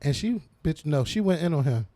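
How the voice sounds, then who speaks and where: A man co-hosting a casual chat about TV shows and celebrity news, animated and profane, laughing often and quoting others. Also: fairly high pitch, fairly quick, no echo, studio quality. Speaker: podcast co-host.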